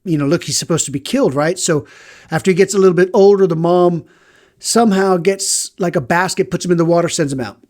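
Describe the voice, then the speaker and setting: A man's voice: high-pitched, fast talker, a little mellow. A man hosting a podcast, retelling a Bible story in a loose, chatty way and acting out the characters' lines.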